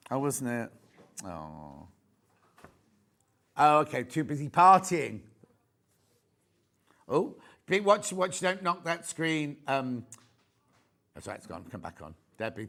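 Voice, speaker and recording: A man's voice: medium pitch, a bit bright. A man with a Yorkshire accent presenting a live shopping show, gushing and rambling in easy chat. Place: TV studio.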